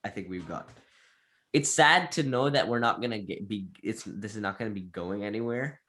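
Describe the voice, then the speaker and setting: A man co-hosting a casual movie review podcast, gushing and excitable, breaking into laughs. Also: on the low side, normal speed. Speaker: podcast co-host.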